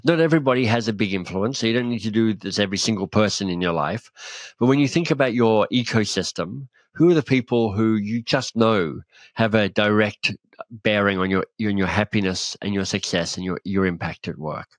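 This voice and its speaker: A male guest author talks through his ideas in a relaxed podcast interview, slipping into animated stories where he plays out both sides of a conversation. His voice sits on the low side, and it is recorded dry with no room sound around it. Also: brisk, no echo. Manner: animated storyteller, acts out dialogue.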